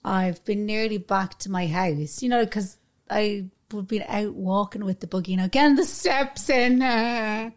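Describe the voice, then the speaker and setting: A woman's voice: mid-range voice, unhurried. A woman in her thirties with an Irish accent, co-hosting a casual chat podcast, chatty and swearing freely. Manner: chatty, swears freely, acts out quoted asides. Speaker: podcast co-host.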